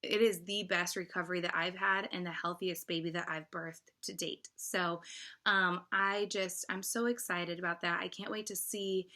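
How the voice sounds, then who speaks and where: Bright-voiced emotional woman vlogging. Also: on the low side, steady tone, moderate pace. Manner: emotional, effusive and grateful, many fillers. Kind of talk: casual personal vlog.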